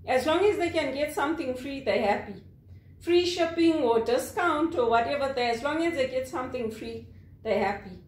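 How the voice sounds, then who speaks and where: A woman from Zimbabwe, talking candidly about call center work, animated, acting out angry callers and laughing often. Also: high voice, normal speed, roomy sound. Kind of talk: candid personal monologue.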